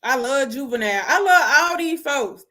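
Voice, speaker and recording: High-voiced woman giving her take. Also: normal speed. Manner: animated and conversational, slangy. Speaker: host. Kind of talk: casual opinion talk.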